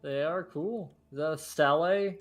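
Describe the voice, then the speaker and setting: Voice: mid-range voice, unhurried, faint music behind. A co-host in casual gaming chat, jokey and chatty, often trailing off mid-sentence. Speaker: game co-host.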